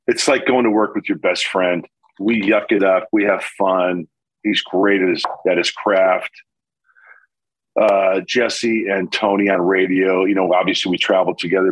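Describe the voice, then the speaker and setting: A man in his sixties, a former pitcher turned broadcaster, telling lively stories in a casual interview and acting out the quotes. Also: husky, no room sound, poor audio. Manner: animated storyteller acting out quotes, laughs often.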